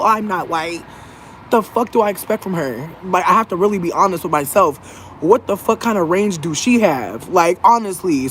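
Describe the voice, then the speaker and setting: Guy with a high voice ranting and cussing casually, doing little mocking voices, some faint noise behind. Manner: profane, animated, mimics others in a high voice. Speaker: vlogger. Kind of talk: casual venting monologue.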